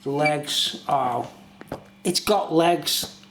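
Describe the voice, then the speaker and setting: A man's voice: fairly high pitch, very slow, a bit bright, reverberant, a little hiss or hum. A British man chatting in a rambling, casual way for his vlog, often asking "you know what I mean?". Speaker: YouTuber reviewing beer.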